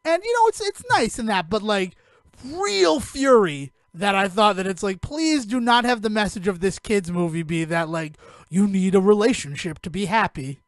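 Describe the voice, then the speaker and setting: High-voiced man rambling about a movie. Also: moderate pace, no room sound, clean studio sound. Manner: rambling, animated retelling with acted quotes. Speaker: podcast co-host. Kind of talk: casual movie review chat.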